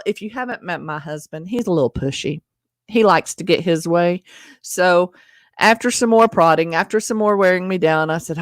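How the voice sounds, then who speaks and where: A woman's voice: fairly low pitch, moderate pace, dry recording, studio quality. A woman vlogger telling a personal story in a chatty, self-deprecating way, speaking straight to her viewers. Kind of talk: casual storytelling to camera.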